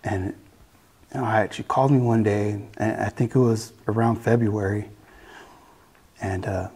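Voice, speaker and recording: A man giving a personal faith testimony, earnest and halting, often restarting his sentences. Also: fairly low pitch, fairly even intonation, darkish tone, slightly rough.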